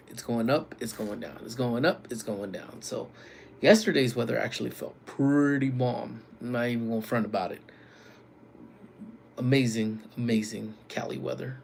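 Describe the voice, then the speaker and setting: A man working security, chatting casually with viewers on a live stream from work, using relaxed slang and calling out loud greetings to people joining. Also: mid-range voice, gravelly, slight background noise. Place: workplace community center.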